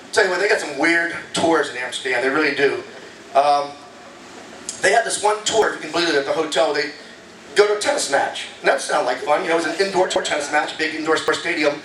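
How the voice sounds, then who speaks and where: High-voiced male comedian in an echoey club. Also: a bit bright, far from the mic, slight background noise. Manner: casual, chatty, banters with the audience. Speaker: stand-up comedian. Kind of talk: stand-up comedy set. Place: comedy club stage before a live audience. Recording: echoey club recorded from afar.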